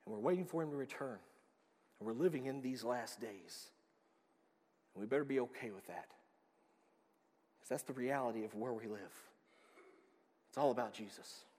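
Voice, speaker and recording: A man preaching a sermon as pastor, emphatic, swinging from quiet, low passages to loud, pressing ones. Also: normal speed, long pauses. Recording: long reverb of a hall.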